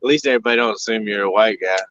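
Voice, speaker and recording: A man's voice: lowish voice, racing, fairly bright tone. A man joking and teasing in casual podcast banter. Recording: dull lo-fi audio.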